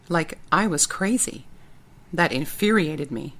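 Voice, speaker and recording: Woman author narrating her audiobook, first person, low and steady. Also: moderate pace. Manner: plain, steady storytelling.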